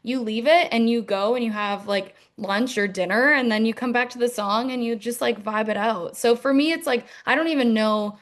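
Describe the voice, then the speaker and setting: A woman's voice: a little high, normal speed, few pauses. A young adult woman musician in a casual interview, talking in a rambling way with many fillers. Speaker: musician guest.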